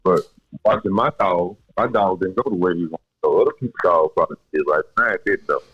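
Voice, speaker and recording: A man with a lowish voice calling in, halting and plainspoken as he talks through his dog's training. The phone line sounds dull and dry, with faint music behind. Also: husky, dry recording. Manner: laid-back, halting, plainspoken. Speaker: dog trainer guest. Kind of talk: casual podcast chat. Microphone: phone call.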